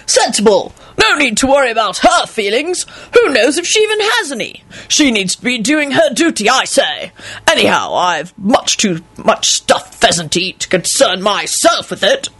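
A woman voicing a booming, self-righteous gentleman in a mocking impression in an audiobook. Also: big pitch swings, normal speed, slightly rough, full character voice. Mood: pompous.

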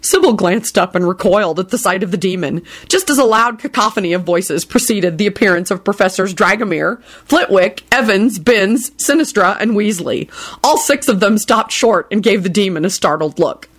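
A woman's voice: mid-range voice, lively intonation, normal speed. A woman reading a story aloud, narrating between character voices. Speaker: reader. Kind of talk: reading fan fiction aloud.

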